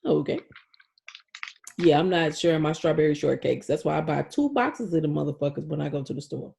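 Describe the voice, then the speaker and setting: A young woman co-hosting a podcast in easy, casual chat. She tells stories with plenty of profanity and animated exclaiming. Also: sits low, a little fast, gravelly, a little hiss or hum. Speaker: podcast co-host.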